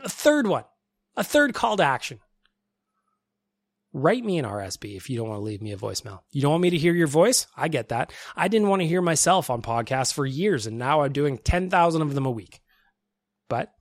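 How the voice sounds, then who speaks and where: A man's voice: medium pitch, dry recording. A man hosting a sports podcast, ranting and joking in a casual, self-mocking way. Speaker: podcast host.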